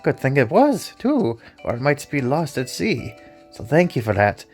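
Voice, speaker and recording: A man's voice: medium pitch, very animated, normal speed, faint music behind, pitched above the performer's own voice. A man putting on a jolly old Scottish archaeologist. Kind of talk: reading game dialogue in voices.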